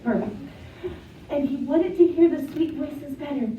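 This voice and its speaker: A woman telling a children's story in an animated way, inviting the children to join in. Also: sits high, measured pace, a little hiss or hum. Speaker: storyteller and teacher. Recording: echoey, distant, dull, piano behind.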